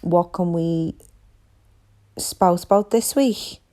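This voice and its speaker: A woman putting on a smug, gloating man sitting in a prison cell, in a slow, mocking voice. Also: fairly low pitch, dark tone.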